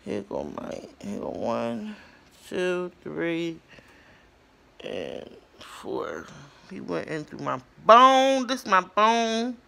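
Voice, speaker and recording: A woman in her twenties talking casually to her viewers, telling her story with lively bursts and lots of fillers and pauses. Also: fairly low pitch, creaky. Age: 20s. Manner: chatty, animated storytelling, addresses viewers as y'all; frequent fillers and trailing pauses. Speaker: vlogger. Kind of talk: casual talk to camera.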